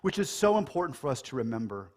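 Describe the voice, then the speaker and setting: An American man preaching a sermon in a casual, animated way, joking and acting out quoted lines. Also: mid-range voice, fast talker. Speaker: pastor. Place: church.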